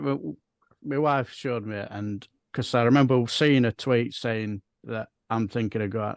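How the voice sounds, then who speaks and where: A man's voice: medium pitch, gravelly, no echo. A man with a Bradford accent chats on a podcast, rambling through anecdotes and chuckling along. The sound is dry and close. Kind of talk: casual political chat.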